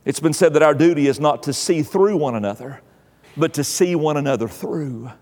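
A man's voice: a little high, moderate pace, a little mellow, in a large hall. A male pastor preaching a sermon, emphatic and exhorting, repeating key phrases.

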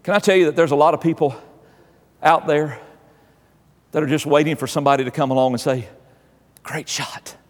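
A man's voice: on the high side, fairly even intonation, fast, long pauses, big-room sound. A male pastor preaching a sermon, emphatic and exhorting, repeating key phrases.

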